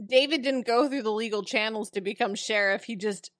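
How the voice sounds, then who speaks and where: A woman co-hosting a podcast in casual chat, wry and quick to laugh. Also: fairly high pitch, fairly bright tone, no room sound, studio quality. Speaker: podcast co-host.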